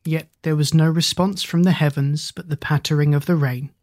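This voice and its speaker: A storyteller reading a folk tale in an even, measured way, now and then asking the listener questions, in a dry, close recording. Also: mid-range voice, dry recording. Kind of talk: scripted story narration.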